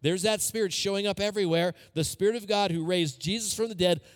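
A man's voice: high-pitched, fast talker, long reverb tail. A man preaching a sermon as a pastor, talking conversationally with personal stories and repeated phrases.

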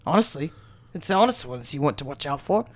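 A man's voice: fairly high pitch, big pitch swings, quick pace, voice pushed down. A man putting on the voice of a dishonest pirate captain. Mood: sly.

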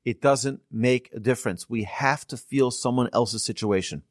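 A rabbi delivers a sermon built around stories, speaking earnestly and with animation in a mid-range voice at a normal pace. His voice rises for emphasis at key points, and the studio recording is clean with no echo.

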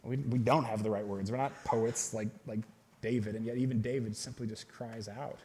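A man preaching a sermon to a congregation in a casual, conversational way, swinging between loud emphatic bursts and quiet, low asides. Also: fairly even intonation, normal speed, slight background noise. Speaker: pastor. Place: church hall with a congregation.

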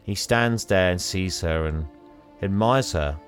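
A man's voice: sits low, unhurried, faint music behind. A man hosting a podcast, recapping a film in casual chat and laughing often.

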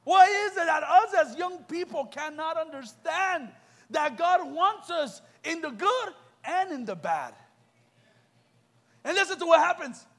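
A man's voice: extremely high pitch, expressive, a little slow, a bit bright. A young adult man giving an impassioned youth sermon, firing rhetorical questions at the crowd. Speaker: youth preacher. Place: church youth event.

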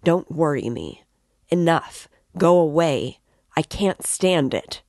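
A woman's voice: low-pitched, unhurried, darkish tone, no room sound, studio quality. A woman voicing a tormented, feverish young man who speaks curtly and in a strained, broken way. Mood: irritable.

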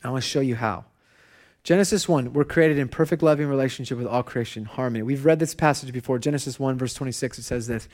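A man preaching as pastor, telling a family story with laughs and soft, quiet asides, in a church hall. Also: medium pitch, fast. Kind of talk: sermon.

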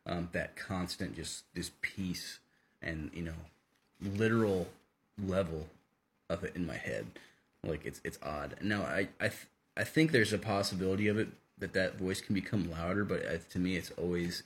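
A man's voice: deep voice, a bit bright, a little hiss or hum. A young man co-hosting a casual faith podcast, rambling with many fillers and restarts. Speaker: co-host.

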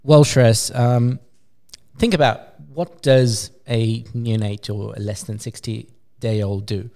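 A man, a pediatric clinician, explaining a research paper in a journal club discussion with lively emphasis and frequent fillers. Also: medium pitch, slow.

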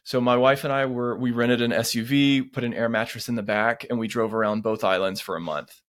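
Man, mid-pitched, lively storyteller who acts out quotes, casual podcast co-host. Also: a little fast.

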